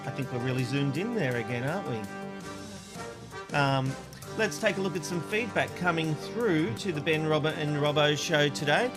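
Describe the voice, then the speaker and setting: An Australian man with a high-pitched voice hosts a casual panel chat. He reads viewer feedback in a playful way, often laughing and restarting lines. Music plays clearly behind him. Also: expressive, moderate pace. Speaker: co-host reading viewer feedback.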